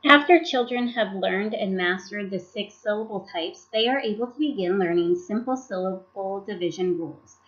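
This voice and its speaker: In a dull lo-fi voice-over for slides, a woman reads scripted instructional narration for teacher professional development. She sounds out each syllable and word with care, using a mid-range, fairly bright voice.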